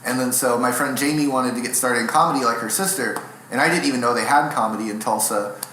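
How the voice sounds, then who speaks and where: A young man, a stand-up comic, talks through long, rambling, self-deprecating stories in a relaxed interview. His voice has a sharp, bright edge, and it rings around an echoey room with a faint hiss behind it. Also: mid-range voice, quick pace. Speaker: stand-up comedian, guest. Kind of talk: casual interview storytelling.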